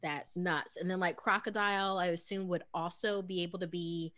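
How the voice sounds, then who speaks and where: A woman's voice: fairly low pitch, fairly even intonation, normal speed, a bit bright. A woman hosting a casual streamed chat, rambling and giggling often as she talks. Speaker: host.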